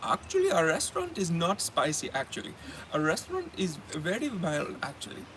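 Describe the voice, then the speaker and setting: A man's voice: on the high side, huge pitch swings, brisk. This is an insistent male restaurant worker with a put-on accent, acted out by a man in a slightly raised voice. He is friendly and sure of himself. The recording has a noisy background.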